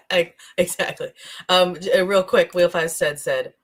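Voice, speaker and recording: A woman's voice: fairly low pitch, fairly even intonation, takes it slowly, fairly bright tone. A woman co-hosting a podcast in casual, rambling chat, laughing often as she talks. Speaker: podcast co-host. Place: streaming live.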